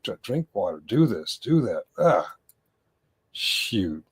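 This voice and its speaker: A man's voice: lowish voice, sing-song, takes it slowly, breathy edge. A man commenting on a livestream in a casual, rambling way, often stopping to correct himself and address his chat.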